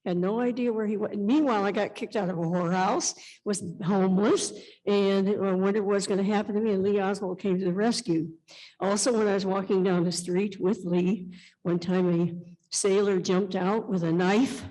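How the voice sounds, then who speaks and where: A woman's voice: medium pitch, moderate pace, poor audio. A woman in her seventies, a guest at a conference interview, telling stories at length and acting out what people said. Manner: animated storytelling, acts out quoted speech.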